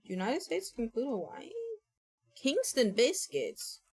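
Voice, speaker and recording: A woman's voice: fairly high pitch, sing-song, measured pace, husky. A woman streamer chatting casually and thinking aloud, often mumbling to herself at a desk microphone. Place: home streaming setup.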